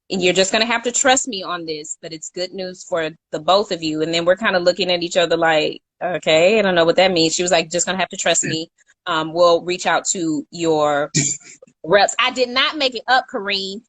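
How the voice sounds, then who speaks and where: A chatty woman co-host tells a story at an easy, casual pace. She stops now and then to correct herself, laughing at her own mix-ups. Her voice sits at a middle pitch. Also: fairly bright tone.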